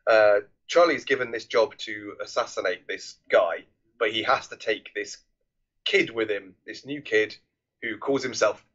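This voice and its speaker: A man's voice: fairly low pitch, unhurried, fairly bright tone, lo-fi sound. A man co-hosting a casual film review podcast, rambling with many restarts and swearing freely. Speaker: podcast co-host.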